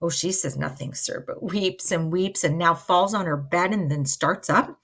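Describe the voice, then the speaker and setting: A woman voicing a fussy, emotional older nurse who pleads in a high, dramatic voice, in a dramatic reading of a play. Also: normal speed, fairly bright tone. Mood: pleading.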